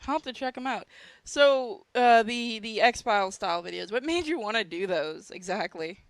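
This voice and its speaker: A woman's voice: on the high side, lively intonation, normal speed, gravelly, no echo. A woman hosting a casual chat, wry and joking, easily amused. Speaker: podcast host.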